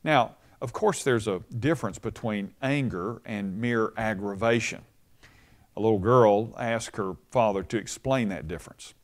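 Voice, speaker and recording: A man's voice: on the low side, measured pace. A man giving a short devotional radio message, telling a story in a conversational preaching manner.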